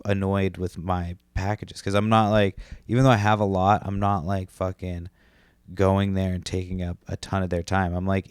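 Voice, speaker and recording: A man's voice: sits low, clean tone, no echo, studio quality. A young adult man hosting a solo podcast, rambling casually with lots of profanity, fillers and restarts. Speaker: podcast host.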